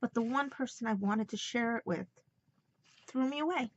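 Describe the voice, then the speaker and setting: A woman's voice: fairly high pitch, normal speed, dull audio. A woman with a New York accent talking emotionally in a rambling personal vlog, holding back tears. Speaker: vlogger.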